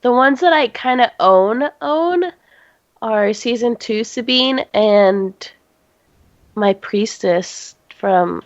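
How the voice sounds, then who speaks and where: A teenage girl co-hosting a casual chat, sick and coughing, giggly and halting with lots of restarts. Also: a little high, no room sound, lo-fi sound. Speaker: podcast co-host.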